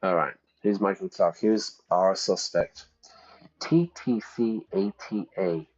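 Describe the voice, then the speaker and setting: A man streaming a detective game, reading the clues aloud and reacting loudly to each twist. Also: sits low, slow pace. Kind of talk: casual gameplay commentary. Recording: slightly dull lo-fi audio.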